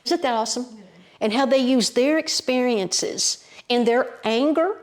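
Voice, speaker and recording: An Appalachian woman tells a story out loud with folksy, lively energy. Her voice sits somewhat high for a woman. She drops into colloquial mountain phrasing as she goes. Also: a little slow. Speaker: storyteller, podcast guest. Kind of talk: animated oral storytelling.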